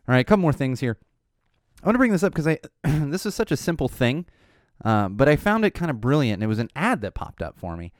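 A middle-aged man hosting a podcast, rambling casually with lots of fillers, his voice a little hoarse and tired. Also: mid-range voice, no echo, clean studio sound. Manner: rambling, animated, frequent "uh" fillers. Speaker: podcast host. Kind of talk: casual solo chat.

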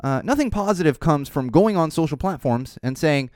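A man hosting his own show, talking in an animated, emphatic monologue. When he gets upset he repeats words. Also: fairly high pitch, normal speed, dry recording, clean studio sound. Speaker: show host. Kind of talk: casual monologue.

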